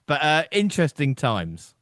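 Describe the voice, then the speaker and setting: Rambling podcast co-host, dry close sound. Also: male voice, a little high, wildly swooping pitch, normal speed, a bit bright, no echo. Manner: rambling, laughs often, keeps asking "do you know what I mean". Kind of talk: casual chat.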